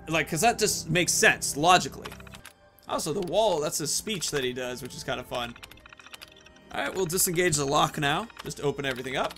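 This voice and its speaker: A man's voice: a little high, fairly quick, sharp tone, faint music behind. A man casually commenting over gameplay, chatty and jokey. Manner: chatty, jokey, laughs often.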